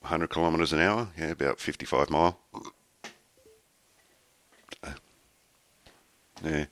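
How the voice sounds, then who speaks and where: A man's voice: rumbling low, a little slow, a bit bright. An Australian man co-hosting a podcast, telling stories in an easygoing, rambling casual chat. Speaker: podcast co-host.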